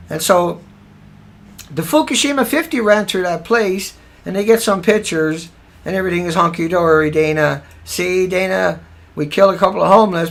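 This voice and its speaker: A man's voice: extremely high pitch, gravelly, sharp tone. A man hosting a livestream, tired and angry, ranting sarcastically with swearing, repeating himself and restarting sentences. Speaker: livestream host.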